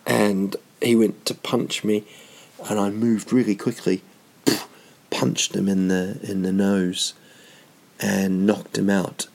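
A comedian with a low, gravelly, slightly husky voice, spinning rambling self-mocking anecdotes. He wanders off on tangents and restarts his sentences as he goes. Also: little pitch movement, slow pace, a little mellow. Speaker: stand-up comedian. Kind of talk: rambling comic storytelling.

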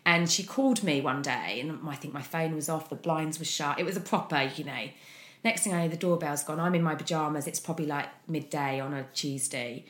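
A woman speaking as an interview guest, frank and open in a candid personal account, often pausing on fillers. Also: low-pitched. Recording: echoey room.

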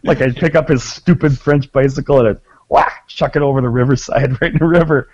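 A man co-hosting a podcast, his voice dark and mellow with a dry, close sound. He talks in a gleeful, profane, mock-gloating way. The recording is dull and lo-fi. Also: mid-range voice, steady tone, a little fast, no echo. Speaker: podcast co-host. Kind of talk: casual chat.

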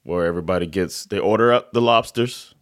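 A man's voice: deep voice, a little fast, no echo, studio quality. An American man co-hosting a casual sports podcast, laid-back, swearing casually and laughing often. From United States. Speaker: podcast co-host. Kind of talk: casual chat.

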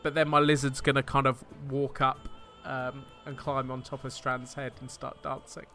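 Bright-voiced man playing a tabletop game. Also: medium pitch, completely flat delivery, moderate pace, soft background music. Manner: chatty, stammering, laughs often. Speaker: player. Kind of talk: tabletop role-play banter.

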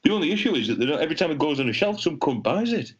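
A man, a podcast co-host telling crude jokes in casual banter with a deadpan delivery. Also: fairly high pitch, rapid-fire. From England. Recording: dull lo-fi sound.

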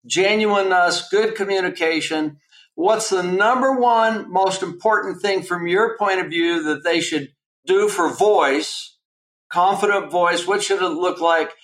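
High-voiced man asking in an echoey room. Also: measured pace, a bit bright. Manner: piles up descriptive words before asking. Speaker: podcast host. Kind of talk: interview questions.

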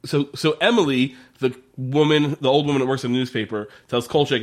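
A man's voice: mid-range voice, steady tone, fairly quick. A man in casual podcast chat, recapping a TV episode with lots of swearing and laughter, acting out the characters' lines. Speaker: podcast co-host.

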